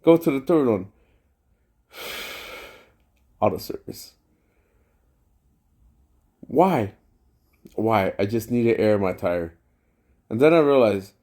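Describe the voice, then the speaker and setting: A man telling a rambling, profane story in a casual vlog rant, full of slang and excited outbursts. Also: a little high, a little slow, pauses often. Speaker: vlogger.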